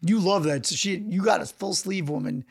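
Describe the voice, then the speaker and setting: A man's voice: high-pitched, normal speed, creaky, breathy edge. A man in his thirties co-hosting a casual podcast, full of teasing, profane banter. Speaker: podcast co-host. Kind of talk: casual chat.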